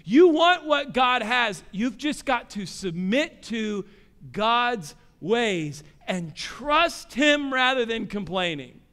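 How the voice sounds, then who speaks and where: High, smooth-voiced male pastor preaching. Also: very animated, slow. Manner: impassioned preaching with rhetorical questions; swings between soft low asides and loud emphatic rises. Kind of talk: sermon.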